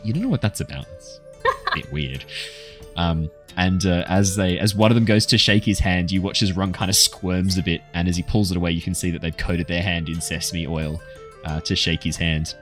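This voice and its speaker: A man narrating as game master in a tabletop game, relaxed and rambling, with fillers. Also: sits low, fairly quick, faint music behind.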